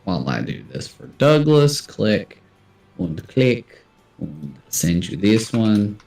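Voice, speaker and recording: A man's voice: on the low side, very animated, takes it slowly, a little mellow, reverberant, distant mic, soft background music. A man hosting a casual livestream trivia game, chatty and self-deprecating as he reads out answers. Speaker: trivia host.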